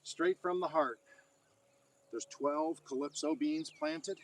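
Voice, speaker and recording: A man's voice: a little high, takes it slowly, a little hiss or hum. Folksy man. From Oklahoma. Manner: folksy, rambling, chats to his dog. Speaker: gardening vlogger. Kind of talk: casual chat while gardening. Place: backyard garden, outdoors.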